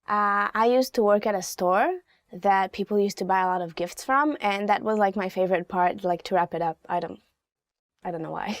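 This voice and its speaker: A woman's voice: medium pitch, moderate pace, dry recording. Chatty woman teaching phrases, dry sound. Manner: chatty, explains each phrase with personal asides. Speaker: language teacher. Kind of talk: casual phrase lesson.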